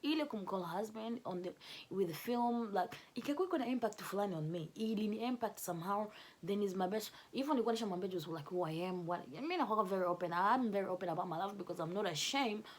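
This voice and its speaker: A young woman telling a personal story to camera in a casual, animated way, often laughing. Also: mid-range voice, fast. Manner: animated, laughing, switches between English and Swahili. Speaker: vlogger telling her love story.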